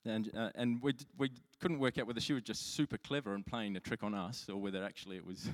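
A man's voice: lowish voice, fairly even intonation, fast. A man preaching a sermon as pastor, telling stories in a chatty, self-mocking way with frequent restarts. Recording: long hall reverb.

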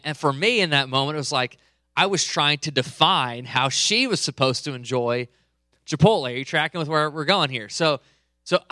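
A man's voice: fairly high pitch, pushed and bright, dry recording. A man in his thirties preaching a sermon, telling a personal story in a joking, conversational way, a little under the weather. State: a bit under the weather, coughing. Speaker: pastor. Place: church hall, live service.

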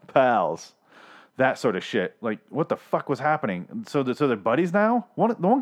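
A man hosting a podcast, recapping a TV episode in a casual, rambling way, swearing often and laughing at himself. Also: on the low side. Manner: animated, swears a lot, laughs at himself, mimics characters. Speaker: podcast host recapping a TV show.

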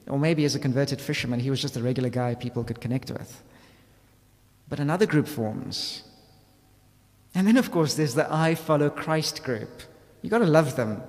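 Lively male preacher in a reverberant hall. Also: a little high. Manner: lively, conversational preaching with rhetorical questions. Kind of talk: sermon.

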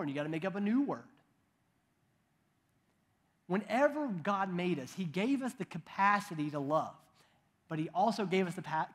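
A man in his thirties preaching a sermon in a conversational way, with joking asides and frequent restarts. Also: sits high. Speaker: pastor.

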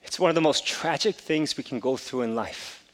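A middle-aged pastor preaching a sermon, telling a personal story and building to emphatic exhortation. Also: male voice, mid-range voice, moderate pace. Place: church sanctuary. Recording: long reverb of a church hall.

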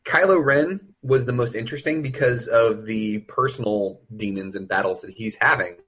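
A man's voice: medium pitch, normal speed, fairly bright tone, breathy edge. A man co-hosting a podcast, talking casually and animatedly about a film. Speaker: podcast co-host.

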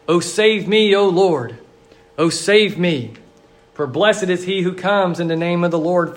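High-voiced man preaching earnestly. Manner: earnest, repetitive liturgical cadence with slow emphatic phrases. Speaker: pastor. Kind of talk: sermon.

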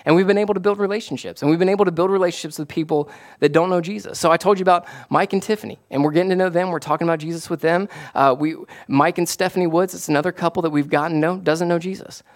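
A man, a pastor, preaching a casual, conversational sermon that rises to excited emphasis. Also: on the high side, rapid-fire, hardly any pauses. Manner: animated, rising to excited emphasis.

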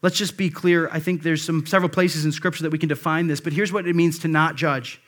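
A man's voice: fairly high pitch, fairly even intonation, brisk, fairly bright tone. A male pastor delivering a conversational sermon, with frequent asides and restarts.

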